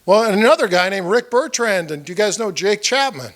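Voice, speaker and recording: A man's voice: high voice, expressive, fairly quick, a bit bright. A man running for office, giving a conversational campaign speech at a small meeting and telling stories that act out what people said. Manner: conversational storytelling, acting out quoted dialogue; addresses the audience directly with questions. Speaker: political candidate. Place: meeting room with about 30 people.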